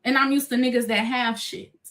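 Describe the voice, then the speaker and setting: A woman's voice: a little high, fairly quick. A young woman telling a chaotic personal story to viewers, cursing freely and acting out what was said. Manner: profane, animated retelling, acting out quotes.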